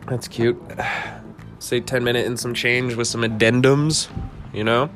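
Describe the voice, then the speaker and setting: A man hosting a casual political podcast in a monotone voice, rambling with laid-back asides while reading an article aloud. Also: medium pitch, unhurried, soft background music. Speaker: podcast host.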